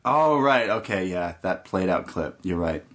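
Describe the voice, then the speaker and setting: A man's voice: low voice, expressive, measured pace, a bit bright. A young man hosting a podcast who recaps a wrestling show in loose, jokey chat with the odd swear word. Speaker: podcast host.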